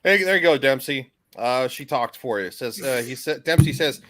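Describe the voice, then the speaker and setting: A man's voice: mid-range voice, expressive, moderate pace, bright, forceful tone. A man hosting a casual stream chat, reading chat messages aloud with a jokey manner and frequent fillers. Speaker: host.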